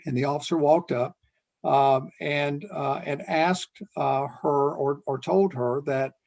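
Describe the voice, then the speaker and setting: An older man, a retired police chief, telling a story in an earnest, unhurried way as an interview guest. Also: a little high, steady tone, gravelly, a little mellow.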